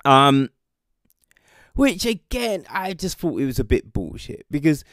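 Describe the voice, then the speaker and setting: A man's voice: fairly high pitch, very animated, unhurried, fairly bright tone, no echo, studio quality. A man with a British accent giving a casual, sarcastic rant about a TV show, swearing freely. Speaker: TV show reviewer. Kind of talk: casual ranting commentary.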